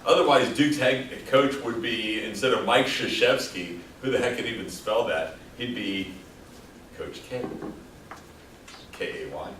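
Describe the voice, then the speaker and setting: A man's voice: medium pitch, measured pace, fairly bright tone, recorded from a distance, slight background noise. A man lecturing a class in a casual, joking way, throwing questions out to the students. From El Paso, Texas. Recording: echoey classroom taped from afar.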